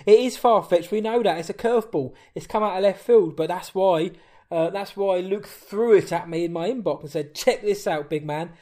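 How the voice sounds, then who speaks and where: A man co-hosting a casual podcast, reading out listener comments with lively banter and enthusiasm. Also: sits high, normal speed. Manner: energetic, banter-filled, reading listener messages. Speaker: podcast co-host.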